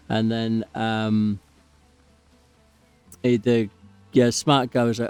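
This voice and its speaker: This male gaming host chats casually while playing, wandering into digressions and losing the thread. He speaks unhurriedly in a mid-range, slightly mellow, smooth voice, recorded without echo over faint background music.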